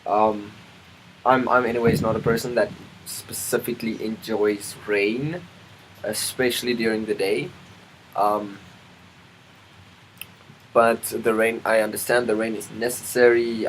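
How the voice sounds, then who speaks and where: Guy rambling on his vlog, kinda low voice, lots of ums and restarts. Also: flat delivery, measured pace, a little hiss or hum, poor audio. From South Africa. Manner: rambling, self-interrupting, many ums and restarts; chatty, asides to the weather. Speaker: vlogger. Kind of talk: casual rambling monologue.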